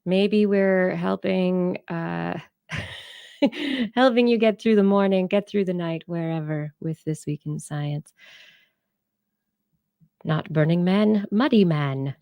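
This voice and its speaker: A woman's voice: lowish voice, slow, gravelly, long pauses, dark tone, clear, resonant tone, no echo. A woman co-hosting a live science podcast stream, chatting casually and laughing often. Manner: chatty, laughs often, talks to her cats and chat. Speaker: podcast co-host.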